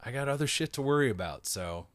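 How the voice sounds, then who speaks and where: A man guesting on a comedy podcast, a relaxed storyteller with a dry close sound. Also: mid-range voice, quick pace, crowd noise. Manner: relaxed storyteller, acts out quoted voices. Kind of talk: casual comedic chat.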